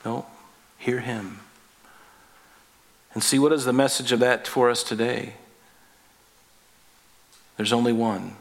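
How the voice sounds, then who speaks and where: A male pastor delivering a casual, conversational sermon. He is folksy and a little jokey, talking to the congregation like friends. On key points his voice climbs higher and presses harder. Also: steady tone, normal speed, vocal fry, pauses often. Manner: folksy, jokey, rising in pitch and force on emphatic points.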